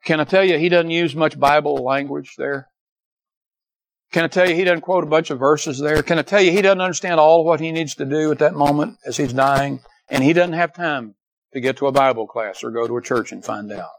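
A man's voice: brisk, poor audio. Older male pastor preaching emphatically. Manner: emphatic preaching, rising to loud peaks and dropping low; repeats "Can I tell you" and asks for amens. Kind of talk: sermon.

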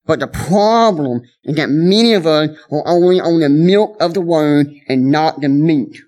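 A man's voice: on the high side, animated, unhurried, darkish tone. A man preaching a sermon as pastor, emphatic, often repeating himself and restarting phrases.

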